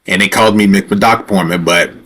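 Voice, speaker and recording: A man's voice: low voice, fairly even intonation, very fast, fairly bright tone. A man hosting a livestream, telling a story in a rambling, conversational way straight to his viewers, and growing heated and profane as he retells a confrontation. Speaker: livestream host.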